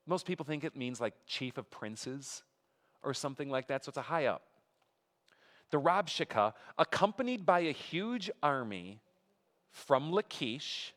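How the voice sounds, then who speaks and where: A man's voice: medium pitch, a bit bright. Man teaching scripture in a reverberant hall. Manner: reads scripture aloud with emphatic rises, asides to the congregation. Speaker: pastor teaching a Bible study. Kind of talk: conversational sermon. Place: church sanctuary.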